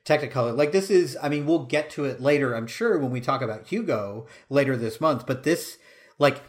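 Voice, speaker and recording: A man's voice: medium pitch, lively intonation, a little fast. A man co-hosting a podcast, chatting enthusiastically about films. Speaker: podcast co-host. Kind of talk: casual film discussion.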